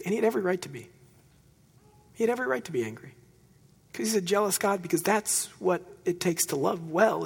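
A man preaches in a conversational, story-driven way, his voice husky and fairly high for a man. He weaves in wry humor, and his voice trails off into a long hall reverb. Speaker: pastor. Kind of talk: sermon.

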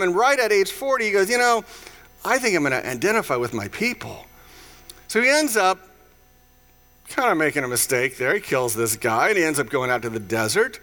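A man preaching in a relaxed, conversational way, retelling scripture stories with playful voiced asides. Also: sits high. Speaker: pastor. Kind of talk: casual sermon.

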